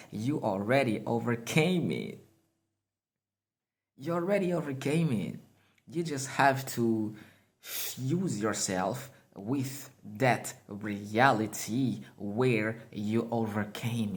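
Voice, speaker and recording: A man giving a freewheeling motivational monologue, emphatic and full of profane slang, laughing at himself now and then. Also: medium pitch. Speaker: motivational speaker.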